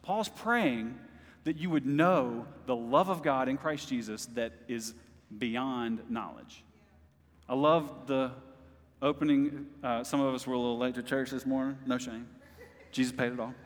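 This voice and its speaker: Male pastor, sermon, impassioned preaching, talks straight to the congregation, mid-pitched, long hall echo. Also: moderate pace. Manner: impassioned preaching, rising to bursts, with laughs; talks directly to the congregation as "y'all". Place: church service.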